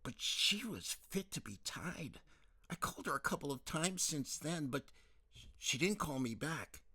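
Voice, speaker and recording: A man voicing a worried middle-aged mother who pleads softly and tenderly with her daughter. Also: deep voice, expressive, unhurried, breathy edge, voice pushed up, full character voice. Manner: soft, coaxing, close to tears.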